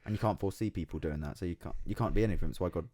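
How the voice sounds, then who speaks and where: A young man chatting casually on a podcast, animated and swearing freely, laughing often. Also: sits low, rapid-fire, a crowd in the background. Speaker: podcast guest. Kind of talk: casual chat.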